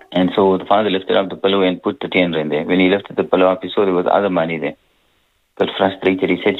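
A man speaking earnestly and warmly about his father as a guest on a radio interview, with many "you know" restarts. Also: low-pitched, steady tone, quick pace. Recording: tinny radio phone line.

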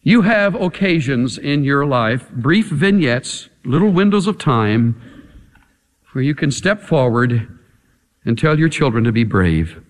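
A man's voice: mid-range voice, big pitch swings, a little slow, in a large hall. A man preaching a sermon in a dramatic, emphatic way, pressing his point with rhetorical questions.

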